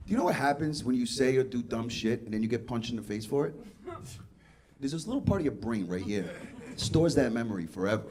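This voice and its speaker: A man's voice: mid-range voice, animated, fast talker, darkish tone. A man from Queens doing a brash, profane stand-up comedy set on a club stage. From Queens, New York. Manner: brash, profane, acts out dialogue. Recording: live club with audience laughter. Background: crowd laughing.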